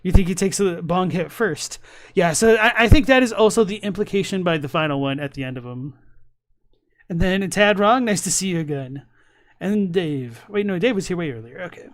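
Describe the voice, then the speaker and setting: A young male streamer reacts to videos live, speaking casually in a high voice at a moderate pace, with no echo in the audio. His talk is relaxed and meandering, full of fillers and sentences he begins again.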